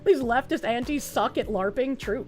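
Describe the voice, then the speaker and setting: High-voiced, profane, mocking woman streamer. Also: lively intonation, a little fast, loud music behind the voice. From Canada. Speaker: livestreamer. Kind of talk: casual livestream chat reading.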